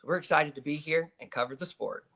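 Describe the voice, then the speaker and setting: An upbeat man co-hosts a sports betting show in casual chat. He talks briskly about the coming matches. His voice is bright and sharp and sits a little high. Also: gravelly. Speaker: soccer betting co-host.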